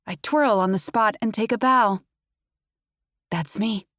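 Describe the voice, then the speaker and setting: A woman narrating a first-person fantasy audiobook in a measured, dramatic way. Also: a little high, a bit bright, dry recording, studio quality. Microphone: close studio mic.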